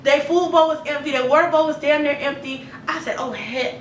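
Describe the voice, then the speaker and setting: A woman vlogger telling a storytime to her viewers, animated, blunt and profane, talking directly to them. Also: high voice, a little fast, background noise. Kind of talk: storytime vlog. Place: apartment room. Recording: echoey room, a bit far from the mic.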